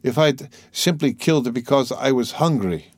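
A brooding, tormented young man speaks low and wearily, half muttering as he reflects, as a male audiobook reader voices him. The voice stays mid-pitched and dry. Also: animated, normal speed, dry recording, close to an everyday voice. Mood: weary. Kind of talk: audiobook character voice.

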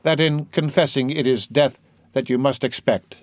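A man voicing a falsely gentle middle-aged church prosecutor, soft, caressing and unruffled, in a storybook reading. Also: medium pitch, steady tone, moderate pace, no room sound, close to an everyday voice. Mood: coldly formal.

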